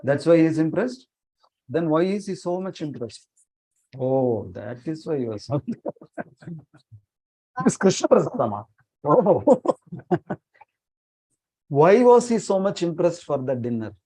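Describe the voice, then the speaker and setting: Preacher, mellow and a little high, story-led sermon with asides to the audience. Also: male voice, very animated, a little slow, long pauses, poor audio. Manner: earnest storyteller, voices dialogue softly, asks the audience questions. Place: temple meeting room, online session.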